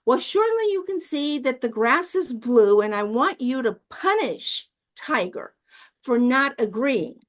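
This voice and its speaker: A woman's voice: high-pitched, big pitch swings, measured pace. A woman voicing a stubborn, gloating male donkey in a spoken fable, giddy and singsong. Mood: insistent.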